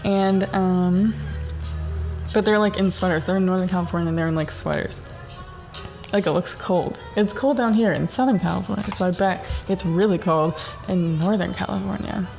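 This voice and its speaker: A young adult woman hosting a casual solo podcast from her home in Southern California. She tells stories in a profane, animated way and laughs often. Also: on the low side, normal speed, gravelly, soft background music. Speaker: podcast host.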